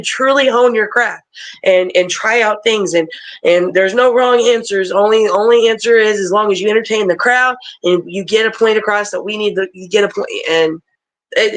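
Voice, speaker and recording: Woman, pro wrestler guest on a video call, animated storyteller, swears freely, laughs through her stories, mid-range voice. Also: medium pitch, rough recording. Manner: animated, profane, laughs often. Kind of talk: casual storytelling.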